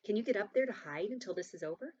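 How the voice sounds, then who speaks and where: A woman's voice: medium pitch, animated, fast, a little mellow, slightly rough. A woman voicing a stern young man who scolds a friend urgently while pulling her to safety. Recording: dull lo-fi recording.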